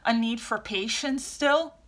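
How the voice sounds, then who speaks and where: A woman's voice: on the high side, unhurried, a bit bright. A woman tarot reader speaking casually to her viewers, rambling with many restarts and fillers.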